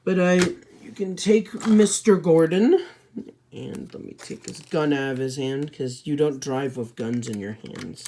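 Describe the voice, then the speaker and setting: A woman's voice: low-pitched, measured pace, warm tone, a little hiss or hum. A woman giving a casual, rambling toy set review, hesitant with many fillers and restarts, tossing in offhand self-mocking asides.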